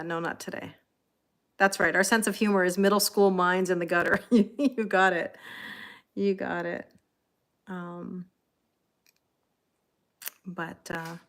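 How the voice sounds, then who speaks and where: A woman hosting a livestream, chatting casually with viewers and thanking them by name. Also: fairly low pitch. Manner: talks to her cats between comments. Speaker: tarot reader hosting a livestream. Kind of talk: casual chat with live viewers.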